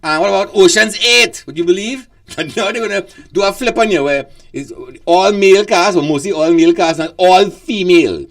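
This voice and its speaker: A man's voice: high voice, normal speed, few pauses. Guy hosting a radio show, chatty, lots of ums and laughing. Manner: laughing, rambling with many fillers. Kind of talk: casual radio chat.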